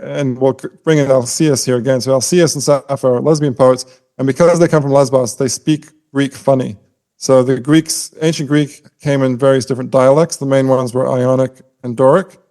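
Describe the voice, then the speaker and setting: A man's voice: mid-range voice, mellow. A man co-hosting a podcast, explaining poetic meter in a casual, scholarly way and humming out rhythms with his voice. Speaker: podcast co-host.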